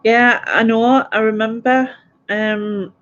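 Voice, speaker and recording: A woman's voice: a little high, steady tone, slow pace, a bit bright. Chatty woman hosting a late-night stream. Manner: chatty, rambling, reads viewer comments aloud with small laughs. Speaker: livestream quiz host. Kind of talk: casual late-night livestream chat. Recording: dull, lo-fi stream audio.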